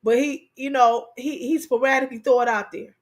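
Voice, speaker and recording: Hosting a casual livestream, a woman talks directly to her viewers in a high voice, a little fast. She stays lively and playful, laughing along the way.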